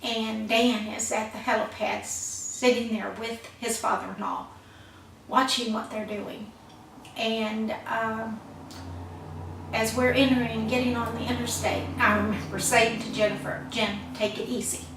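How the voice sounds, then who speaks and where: A woman's voice: a little high, steady tone, measured pace, a bit bright. An older woman telling her personal life story in a plain-spoken, heartfelt way. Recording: echoey room, voice from far off, faint noise.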